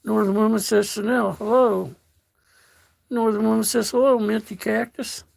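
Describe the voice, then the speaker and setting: An older American man hosting a casual livestream, reading out chat messages in a slow, folksy way and calling viewers darling. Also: high-pitched, flat delivery, creaky, darkish tone. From United States.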